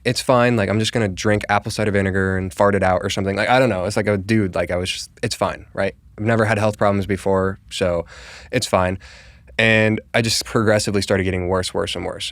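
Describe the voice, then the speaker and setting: A young man from Colorado talks as a podcast guest, telling a personal story in a relaxed, conversational way. His voice sits fairly low and comes through smooth and clear, and he keeps saying "like" and acting out what people said. The sound is dry and close, with no room echo. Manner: conversational, full of "like", acts out quoted dialogue. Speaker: podcast guest, real estate agent. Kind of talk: casual storytelling interview.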